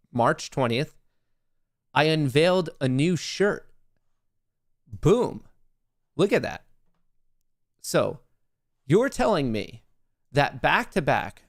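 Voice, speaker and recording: Gravelly joking stock streamer, man. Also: medium pitch, no echo, studio quality. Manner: joking, rambling, self-mocking. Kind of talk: live-stream market commentary.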